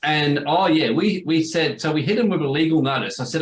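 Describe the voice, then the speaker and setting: A man's voice: a little high, a little fast, hardly any pauses, reverberant, slight background noise, low-quality recording. A middle-aged man, a business coach telling a story in a casual interview and acting out the people he quotes. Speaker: business coach, former law firm owner.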